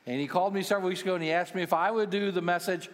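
Speaking at a racing pace, this pastoral care minister in his sixties has a high-pitched voice with fairly even intonation. His sermon to the congregation is built on funny stories at his own expense, delivered in a large church auditorium whose long hall reverb fills the recording.

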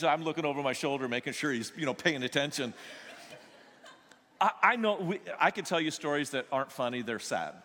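Joking pastor in a reverberant hall. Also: male voice, a little high. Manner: animated, acts out quoted voices, joking. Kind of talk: sermon storytelling. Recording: long echo of a large hall.

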